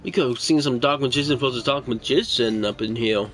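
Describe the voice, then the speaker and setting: A man's voice: mid-range voice, brisk, a bit bright. A young man giving rambling, casual commentary over a card game as a streamer, stopping now and then to scold his cats. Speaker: gaming streamer.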